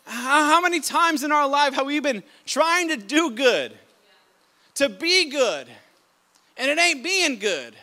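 A male pastor with a strikingly high, bright, forceful voice delivers an impassioned sermon. He swings between quiet, reflective passages and sudden loud emphatic bursts. He often repeats and restarts words mid-sentence as he preaches. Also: very animated, slow.

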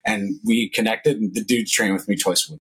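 A man guesting on a podcast, a personal trainer in casual chat, telling animated stories and acting out quotes. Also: fairly low pitch, brisk, husky, rough recording. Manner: animated storytelling, acts out quotes.

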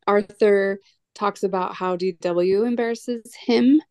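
A young woman co-hosting a casual podcast, giggling often as she retells scenes in an animated way. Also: medium pitch, slow pace, no echo. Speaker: podcast co-host.

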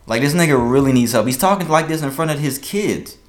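A young man hosting a casual podcast, giving rapid, profane, animated commentary. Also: on the high side. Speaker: podcast host.

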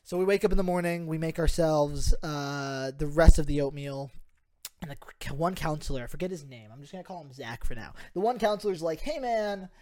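Young male podcast host, slightly high pitch, animated storyteller, swears. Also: brisk. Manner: animated, acts out quotes, swears freely. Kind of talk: casual storytelling chat.

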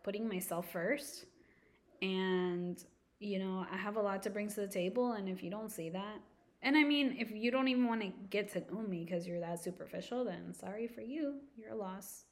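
A young adult woman co-hosting a podcast who chats casually, tells stories in an animated way and laughs a lot. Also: medium pitch, normal speed. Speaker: podcast co-host. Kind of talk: casual chat.

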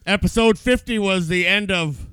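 A man's voice: high voice, normal speed, pushed and bright, clean tone, dry recording. A man co-hosting a podcast, chatting casually and thinking aloud in an easygoing way. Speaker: podcast co-host. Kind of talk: casual chat.

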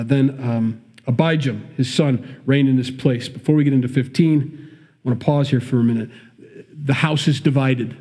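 This mellow, mid-range male voice belongs to a Midwestern-accented pastor giving a sermon. Between passages of scripture he stops to offer emphatic remarks in a conversational style.

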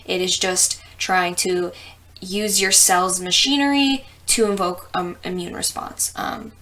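A woman's voice: mid-range voice, pushed and bright. A young woman from the US Midwest who explains science in a casual, chatty way, with lots of ums and plenty of swearing. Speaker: host.

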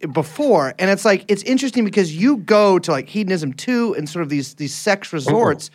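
A man's voice: high voice, lively intonation, normal speed. A man hosting a casual podcast, talking in a rambling, chatty way with frequent restarts. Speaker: podcast host.

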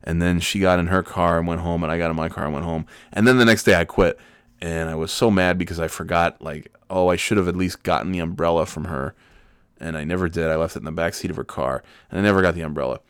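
A man with a very low, resonant voice tells rambling stories in a sardonic, profane way. His delivery is smooth and dry, like a casual monologue. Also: steady tone, quick pace, a bit bright, no room sound.

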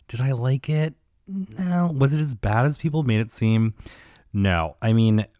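Young male host; deep register, loose profane comic rambling, dry mic. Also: no echo. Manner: rambling, crude, lots of filler. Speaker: commentary podcast host. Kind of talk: casual comedic rant.

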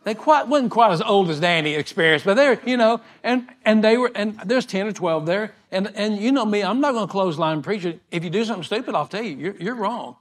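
An older male pastor preaching a sermon, telling a folksy story in a relaxed, repetitive way with chuckles. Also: sits high, brisk, hardly any pauses.

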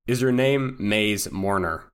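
A gruff, blunt soldier interrogator put on by a man with a lowish voice. He talks in a casual, clipped military way, as in a spoken tabletop game. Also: takes it slowly. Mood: brusque.

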